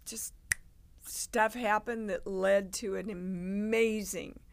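An older woman, a guest actress, telling animated stories in a casual interview and acting out the people she quotes. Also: medium pitch, slow pace, vocal fry. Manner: animated storyteller, acts out quoted voices.

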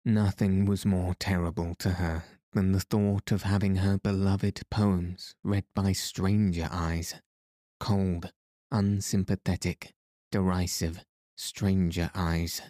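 A man reading a novel aloud as narrator, in a measured, expressive storytelling manner. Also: sits low, no room sound, clean studio sound. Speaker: audiobook narrator. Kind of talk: scripted narration.

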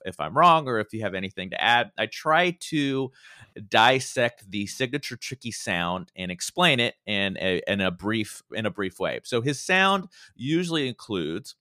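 Man, casual music talk, lively pitch, dry close-mic. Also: no echo. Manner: animated, laughs often, restarts words. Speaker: podcast co-host.

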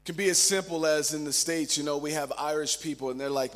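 A man preaching a sermon as pastor, telling stories and shifting between loud and hushed delivery. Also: fairly high pitch, quick pace.

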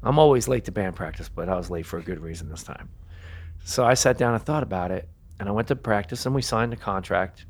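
Man in his thirties, low voice, earnest, confessional podcast guest. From New Jersey, USA. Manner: earnest, confessional, speaks slowly with pauses. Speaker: guitarist guest. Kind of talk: candid podcast interview.

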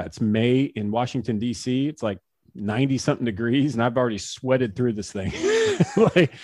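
A man who pitched professionally, telling casual anecdotes in an interview, acting out quotes and laughing often. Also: a little mellow, dry recording. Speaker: former baseball pitcher, guest.

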